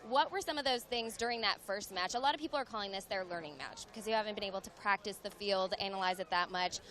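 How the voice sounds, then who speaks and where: A woman reporter at a sports tournament, asking a player brisk questions after a match. Her voice sits at an ordinary middle pitch. She keeps things moving between questions. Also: a bit bright. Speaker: sideline reporter. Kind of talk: post-match interview.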